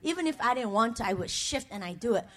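A woman's voice: fairly high pitch, animated, quick pace, a bit bright, faint music behind. A middle-aged woman pastor giving a personal, emotional sermon, speaking to the congregation and calling for their responses. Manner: emotional, confessional preaching with call-and-response; conversational and personal, with asides to the congregation.

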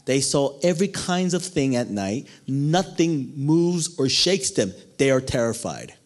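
A man preaching a sermon in a playful, animated way, acting out the people in the story and laughing often. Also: medium pitch, measured pace.

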